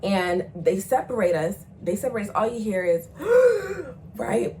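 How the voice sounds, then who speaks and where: A young woman speaking tells a wild storytime in a loose, profane vlog voice. She keeps pushing the story along, often leaping into shrill, loud imitations of the people in it. Faint noise sits under the recording. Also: moderate pace, low-quality recording. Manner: animated, profane, swings into loud high acted quotes. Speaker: storyteller vlogger. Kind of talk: casual storytime chat.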